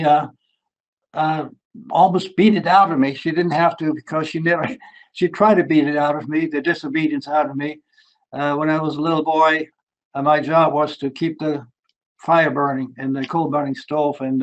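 A man's voice: a little high, poor audio. A man, preaching earnestly and telling his life story with emphatic repetitions. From Germany. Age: 70s. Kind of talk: sermon.

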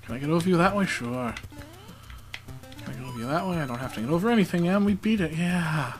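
A man's voice: fairly high pitch, expressive, quick pace, soft background music, low-quality recording. A man giving casual, joking commentary while playing a video game, with self-mocking asides. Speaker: let's play commentator.

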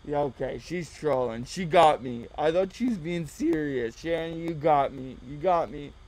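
A man's voice: a little high, animated, moderate pace, a little mellow, a little hiss or hum, rough recording. A man giving mocking reaction commentary, sarcastic and exasperated.

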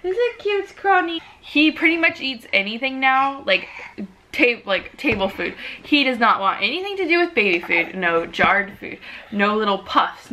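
A young woman, a mom, chatting casually in a home video about her baby, sick at the moment, and sometimes cooing to him in a high sing-song voice. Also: sharp tone. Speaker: mom vlogger. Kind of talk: casual baby update vlog. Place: home living room. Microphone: camera on a tripod.

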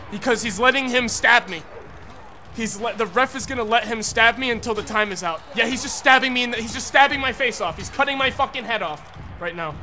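A man streaming a video game, ranting and swearing in exasperation and often breaking into shouts. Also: extremely high pitch, slight background noise. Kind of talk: live gameplay commentary.

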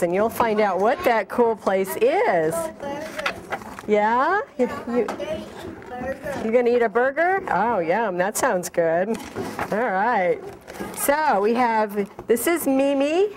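A woman leading a children's storytime, reading a picture book aloud and asking the children questions along the way. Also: a little high. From El Paso, Texas. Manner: animated, asks children questions. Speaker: library director reading at storytime.

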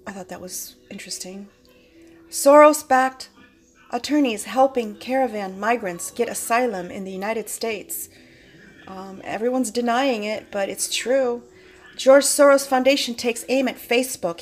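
A cartoonist with a voice on the high side casually explains her own political cartoons to viewers. She rambles and halts as she talks.

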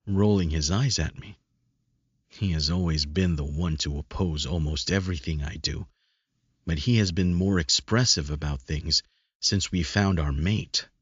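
A man narrates a first-person audiobook with a brooding, searching manner. His voice is deep and husky. The recording sounds dry and dull, with no room around it. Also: no room sound.

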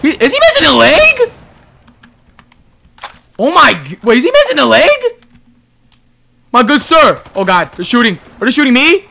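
A young man giving casual, excitable gameplay commentary full of slang, with game gunfire behind him. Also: very high voice, normal speed, creaky, long pauses, a little hiss or hum. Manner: excitable, yelling at enemies, slangy. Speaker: gaming YouTuber.

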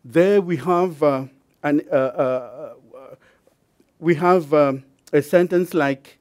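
A man's voice: a little high, slow, darkish tone. A man giving a university lecture, careful and explanatory, with many fillers and repeated words.

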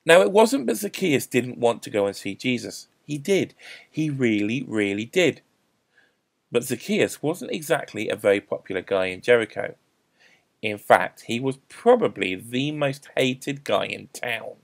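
A man's voice: mid-range voice, vocal fry. A man telling a Bible story to children at a school assembly, theatrical with repeated refrains. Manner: animated, repetitive refrains, theatrical pauses.

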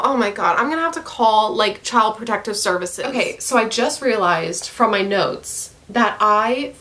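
A woman with a fairly high voice rants about a book from home, swearing freely and breaking into laughter. Her talk is exasperated and animated, a casual vlog rant. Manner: exasperated, profane, laughing ranting. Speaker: book reviewer. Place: at home, dog nearby.

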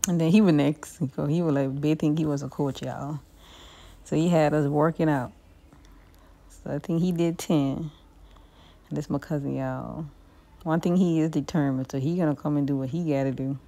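A woman's voice: low-pitched, fairly even intonation, normal speed, mellow. A young woman narrating her vlog in a chatty, laid-back way. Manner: chatty, laid-back, keeps saying "y'all". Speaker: vlogger. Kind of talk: casual voice-over narration.

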